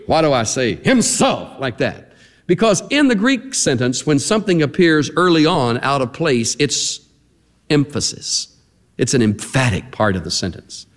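Animated preacher in a reverberant hall. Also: male voice, medium pitch, normal speed. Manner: animated, emphatic, leans on single words. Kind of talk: sermon. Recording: long reverb of a large hall.

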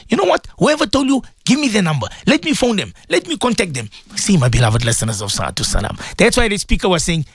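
A man preaches to his radio listeners in a slightly husky voice. His pitch swings widely as he acts out quoted voices and leans on rhetorical questions. The sound is dry and close. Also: no echo.

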